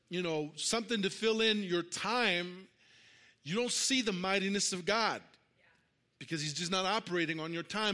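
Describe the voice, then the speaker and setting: A man's voice: high voice, sharp tone. A middle-aged man preaching a conversational sermon, full of fillers and restarts, mixing a personal story with calls for amens. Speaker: pastor.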